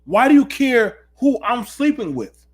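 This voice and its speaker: Man, late-night host, high voice, preaching rhetorical questions at his audience. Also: big pitch swings, a little slow, husky. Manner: preachy, rhetorical, talks to viewers. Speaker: channel host.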